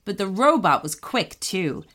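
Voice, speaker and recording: A woman narrating a children's story in an animated storytelling manner. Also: medium pitch, measured pace.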